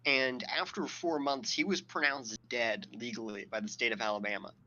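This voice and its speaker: A man hosts a casual podcast, telling a long, wandering story loaded with swearing and filler words. His voice is bright and forward. A faint hiss of noise sits under the recording. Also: mid-range voice, fairly even intonation, moderate pace, lo-fi sound. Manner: rambling and profane, full of fillers; laughs at his own storytelling. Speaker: podcast host.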